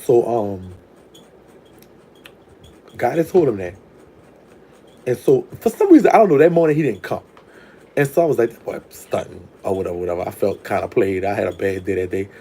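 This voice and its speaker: Profane, chatty storytelling man, mellow tone. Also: mid-range voice, sing-song, normal speed, long pauses, husky. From New Orleans. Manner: frank, profane, chatty, with laughs. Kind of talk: casual storytime monologue.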